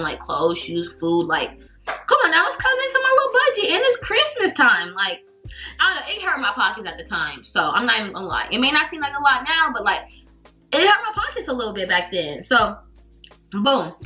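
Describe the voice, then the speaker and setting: Bright, animated young woman vlogger. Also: a little high, poor audio. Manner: animated, slangy, heavy use of "like". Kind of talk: casual storytime. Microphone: camera mic.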